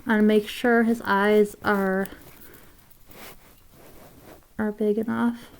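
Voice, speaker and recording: Woman drawing tutor, slow and rambling, gravelly voice, casual talk. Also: mid-range voice, flat delivery. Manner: rambling, with fillers and soft asides.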